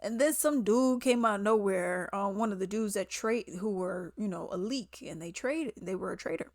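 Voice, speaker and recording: A woman, casually recapping a movie, animated and exasperated, acting out the characters' lines. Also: mid-range voice, moderate pace, dry recording, studio quality. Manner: chatty and animated, acts out characters' lines in quotes; exasperated, sarcastic asides. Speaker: movie reviewer.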